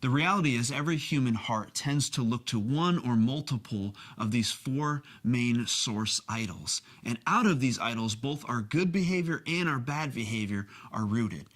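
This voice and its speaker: Man, mid-pitched, earnest church teacher, personal and plain-spoken. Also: expressive, moderate pace, few pauses, a bit bright. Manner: earnest, personal examples from his own marriage. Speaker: pastor teaching on discipleship. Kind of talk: teaching talk.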